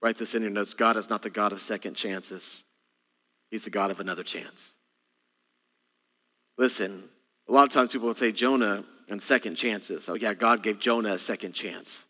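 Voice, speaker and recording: Bright-voiced pastor preaching in a hall. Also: male voice, fairly low pitch, fairly even intonation, brisk. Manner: dramatic, acts out voices in bursts. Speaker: senior pastor. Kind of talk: sermon. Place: church auditorium. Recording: long hall reverb, faint guitar behind. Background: soft guitar.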